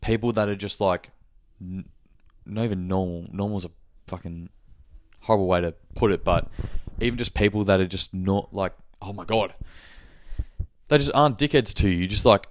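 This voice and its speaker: A man's voice: low voice, normal speed, long pauses, dry recording. A young man hosting his own podcast, chatting loosely on his own with lots of fillers and casual swearing. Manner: loose and rambling, heavy filler "like", frequent swearing. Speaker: podcast host. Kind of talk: casual solo chat.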